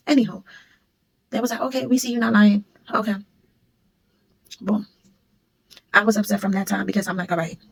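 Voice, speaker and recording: A woman's voice: mid-range voice, vocal fry, husky, low-quality recording. A woman telling a story in a blunt, emphatic, conversational way. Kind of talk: casual storytime.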